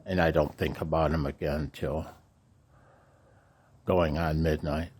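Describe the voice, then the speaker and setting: An older man talks slowly in a very deep, low voice. He is candid and emotional, halting often and laughing ruefully as he speaks to his viewers. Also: steady tone, a little mellow, breathy edge. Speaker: amateur radio vlogger. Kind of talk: candid personal vlog.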